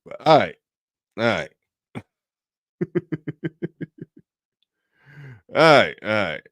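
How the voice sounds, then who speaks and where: A man's voice: fairly low pitch, sing-song, very slow, fairly bright tone, dry recording, lo-fi sound. A man giving a blunt, profane reaction commentary, talking animatedly and laughing often.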